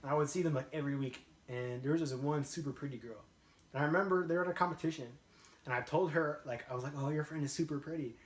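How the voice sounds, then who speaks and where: A man's voice: a little high, fast. Young man telling a laid-back, slangy story. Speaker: guest storyteller. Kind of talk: casual chat. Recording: roomy echo.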